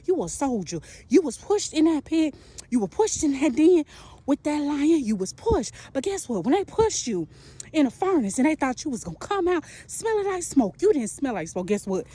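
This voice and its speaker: A woman's voice: sits high, very animated, moderate pace, mellow. A woman preaching an impassioned prophetic sermon in a rhythmic, repetitive way, calling the listener "baby".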